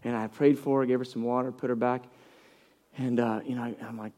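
A middle-aged male pastor preaching a sermon with passion, telling stories and acting out quotes in a hushed voice. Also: medium pitch, level tone, brisk.

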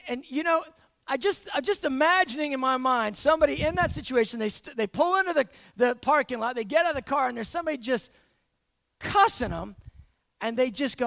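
A man with a strikingly high voice and a gravelly edge preaches in a loose, talky style, stumbling over repeated words as he acts out everyday scenes. His voice sounds close and dry. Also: a little fast, dry recording. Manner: animated, acts out everyday scenes with frequent restarts. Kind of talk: conversational sermon.

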